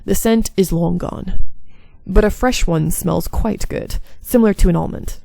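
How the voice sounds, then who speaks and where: A woman's voice: medium pitch, measured pace, vocal fry, mellow, no echo. A woman playing through a visual novel and reading its narration aloud, with small slips and asides. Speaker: game streamer.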